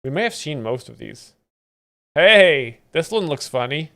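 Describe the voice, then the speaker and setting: A man with a smooth, clean voice talks over comedy clips on a live stream. He explains the jokes with mock-pedantic seriousness and a dry, deadpan delivery. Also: a little high, a little slow. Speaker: comedy commentator host.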